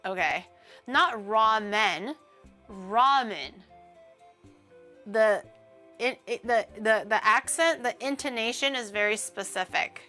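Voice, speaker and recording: A woman's voice: fairly high pitch, moderate pace, bright, forceful tone, faint music behind. A woman streamer chatting casually on a livestream, ranting and swearing freely with a laugh.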